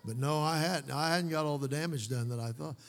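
A man preaching a sermon as pastor, folksy, with joking asides and slow, emphatic repetition of key words. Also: a little high. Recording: long hall reverb.

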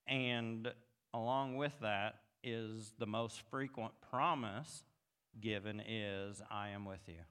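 A male pastor delivers a sermon in a tense, bright voice. He moves between soft, reflective stretches and passionate, emphatic climbs. The sound carries the long reverb of a church sanctuary. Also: on the low side, steady tone, takes it slowly, clear, resonant tone. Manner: builds from quiet reflection to emphatic, rising passages.

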